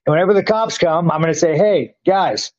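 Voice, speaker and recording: A man with a somewhat high voice talks in a blunt, crude and boastful way, swearing in nearly every sentence as a guest in a casual chat. The sound is dull and lo-fi. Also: racing. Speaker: interview guest, fighter.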